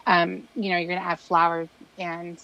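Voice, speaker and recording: A woman's voice: lowish voice, little pitch movement, normal speed, pushed and bright, lo-fi sound. A woman hosting a casual chat, explaining things in a loose, rambling way. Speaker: host.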